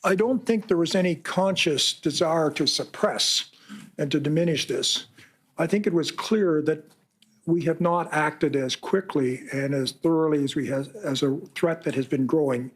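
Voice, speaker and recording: Husky-voiced man answering reporters. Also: on the high side. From Canada. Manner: measured, earnest, reads passages aloud. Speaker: special rapporteur answering reporters. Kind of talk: press conference answers. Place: press conference room.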